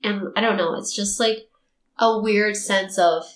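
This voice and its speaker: Unhurried and medium-pitched, this young podcast host shares a personal story casually, recorded in an echoey room. She brings it to life animatedly, performing the quotes of the people involved.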